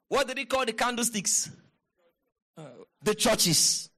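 A man's voice: very high-pitched, animated, takes it slowly, long pauses, bright, forceful tone. A man preaching a sermon, reading scripture aloud and breaking off into emphatic exclamations and call-and-response with the congregation. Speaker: pastor.

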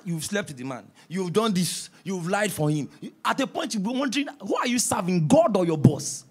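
A male pastor preaching a sermon, telling stories with quoted dialogue and rising to shouts. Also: sits high, normal speed, hardly any pauses, breathy edge. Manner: storytelling, animated, rising to shouts.

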